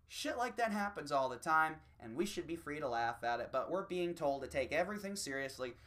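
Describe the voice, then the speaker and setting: A man delivering a rambling, swear-filled opinion rant, slipping into quick mocking voices. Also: fairly high pitch, lively intonation, a bit bright. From United States. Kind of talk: profane opinion rant monologue.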